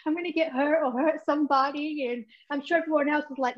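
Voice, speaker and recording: A woman's voice: sits high, steady tone, fast talker, muffled recording. A woman guest on an interview, talking candidly and chattily with lots of fillers. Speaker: guest, former pro wrestler. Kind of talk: casual interview chat.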